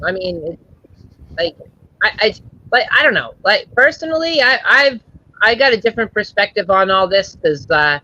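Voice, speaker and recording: A man hosting a casual joking stream chat, rambling with many halting restarts. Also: high-pitched, animated, bright, forceful tone, highs cut off.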